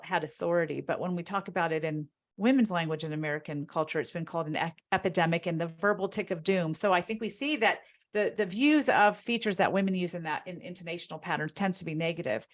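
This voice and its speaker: Animated woman linguist explaining. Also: fairly low pitch, a little fast, few pauses. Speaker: linguist and author answering audience questions. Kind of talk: lecture-like Q&A answer.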